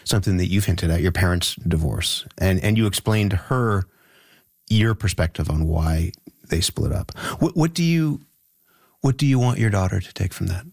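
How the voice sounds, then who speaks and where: A man interviewing an author, asking measured, probing questions with some repeated words. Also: low-pitched, expressive, vocal fry, a little mellow, slightly rough, no echo, studio quality.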